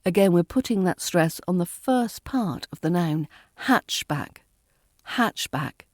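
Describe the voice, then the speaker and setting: A woman with a British RP accent teaching pronunciation, saying words slowly and deliberately and repeating them for practice. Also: on the low side, expressive, mellow, dry recording, studio quality. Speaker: accent coach. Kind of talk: pronunciation lesson.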